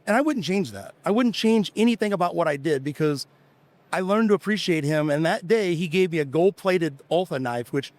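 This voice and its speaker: A man's voice: on the high side, lively intonation, a little fast, a little mellow, no echo. A middle-aged American man, a business founder, casually telling rambling stories with quoted dialogue in a podcast interview. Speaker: guest, tool company founder.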